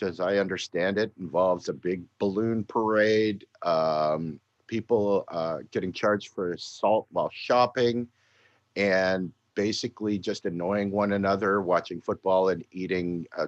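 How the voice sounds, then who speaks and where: A Canadian man hosts a casual talk show in a low, grumbling voice, tired and dry with a habit of swearing. His voice sits close to the mic in a dry space. The sound is a little dull and lo-fi. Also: no room sound. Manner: grumpy, dry and profane. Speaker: podcast host. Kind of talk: casual chat.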